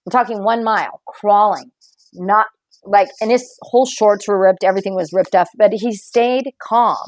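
A woman in casual conversation, an animated storyteller who laughs often. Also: mid-range voice, moderate pace, no echo, poor audio.

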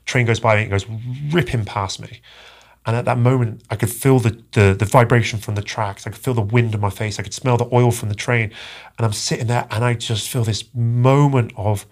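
A man telling a personal story as a podcast guest, halting and earnest, often repeating his words. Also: mid-range voice, fairly even intonation. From England.

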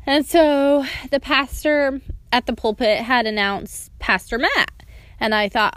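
A woman's voice: a little high, takes it slowly, a bit bright, clean tone, no echo, studio quality. A woman sharing a heartfelt personal testimony, earnest and storytelling, now and then acting out remembered words.

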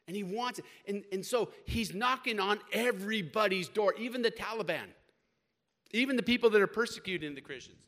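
Bright, emphatic man preaching a sermon. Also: sits high, lively intonation, a little fast. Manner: emphatic preaching, rising and falling loudness, casual slang. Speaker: pastor.

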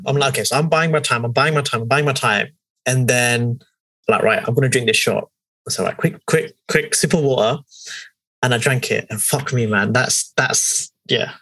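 A young man with a London accent, telling animated, swearing travel stories as a podcast co-host. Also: mid-range voice, normal speed, no room sound, low-quality recording. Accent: London English. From England. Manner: animated, swearing, acts out voices in quotes. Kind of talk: casual storytelling chat.

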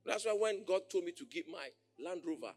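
A man preaching a sermon as pastor, animated, often shouting and laughing as he mimics others. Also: sits high, a little fast.

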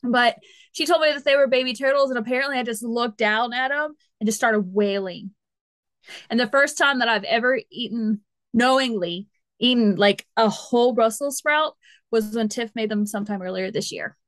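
A woman co-hosting a podcast, chatty and animated with laughing asides in casual conversation. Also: a little high, normal speed, no room sound. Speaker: podcast co-host. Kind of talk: casual chat.

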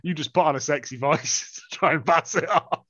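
A man's voice: a little high, normal speed, no echo, lo-fi sound. A man co-hosting a casual podcast, teasing his partner and laughing often. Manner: teasing, laughs a lot, lively. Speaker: podcast co-host. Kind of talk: casual chat.

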